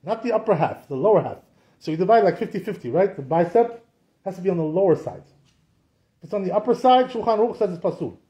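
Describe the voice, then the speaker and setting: Fast-talking rabbi with a high, mellow voice. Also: male voice, expressive, lo-fi sound. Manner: conversational, asks many rhetorical questions; mixes in Hebrew and Aramaic terms. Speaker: rabbi teaching Jewish law. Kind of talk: informal Torah class.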